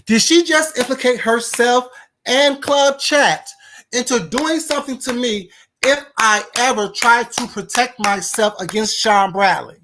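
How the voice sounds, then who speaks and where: Indignant streamer lady going off at her chat, kinda high-pitched. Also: a little slow, a bit bright, a little hiss or hum. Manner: indignant, repetitive rhetorical questions to viewers. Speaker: live-stream host. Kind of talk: heated live-stream rant.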